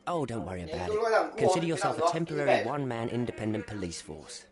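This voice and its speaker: An actor playing a harried police desk officer in a game, emphatic and indignant. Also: male voice, medium pitch, big pitch swings, fast talker, over a noisy crowd, close to an everyday voice.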